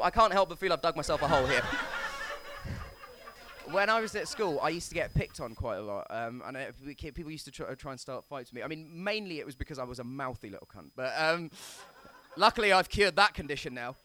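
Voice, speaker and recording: High, bright-voiced posh English comic. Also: male voice, expressive, brisk. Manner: rambling, self-correcting, nervous-jokey asides. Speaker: stand-up comedian. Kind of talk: stand-up comedy routine.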